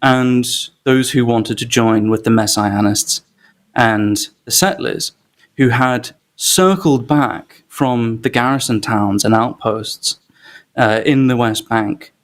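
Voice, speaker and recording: A man's voice: mid-range voice, steady tone. Articulate man guest discussing his book. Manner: measured, articulate, frequent um and uh fillers. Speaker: author guest. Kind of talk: political interview.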